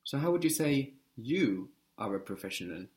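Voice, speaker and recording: A man's voice: mid-range voice, sing-song, normal speed, darkish tone. A man teaching a language lesson, patiently modeling words and encouraging the learner.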